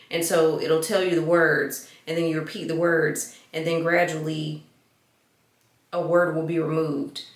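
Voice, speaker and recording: Woman vlogger, casual self-mocking chat, roomy echo. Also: sits low. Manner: chatty, self-mocking, talks to viewers as y'all.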